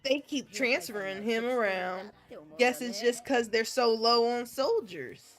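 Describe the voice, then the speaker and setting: A woman's voice: on the high side, measured pace, fairly bright tone, soft background music. A woman voicing a chatty, motherly middle-aged cafeteria woman with a homely, folksy drawl, read from a visual novel.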